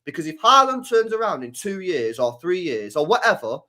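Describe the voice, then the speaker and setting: A man's voice: high-pitched, sing-song, fairly quick, bright, forceful tone. A man hosting a live stream, ranting about football in a repetitive, slangy, sweary way. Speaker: streamer host.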